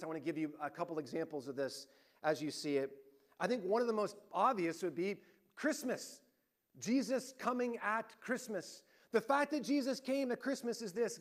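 A man with a notably high voice preaches as a pastor. He tells his stories with energy, climbing in intensity on key moments and dropping almost to a murmur on others. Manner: lively storytelling, swings between rising emphasis and hushed points. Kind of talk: sermon.

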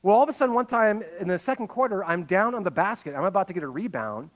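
A man preaching a sermon as pastor, telling stories with big swings between hushed and loud. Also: high voice, lively intonation, fast talker.

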